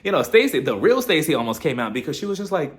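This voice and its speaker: Man reviewer, lively higher voice, chatty and snarky; recap vlog host. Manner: animated, mocking, quick to do impressions. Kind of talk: casual reality-TV recap commentary.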